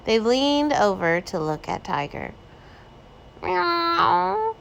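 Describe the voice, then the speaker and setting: A woman reading a children's picture book aloud, with gentle storytelling. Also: medium pitch, animated, moderate pace, creaky, a little hiss or hum. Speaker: reader.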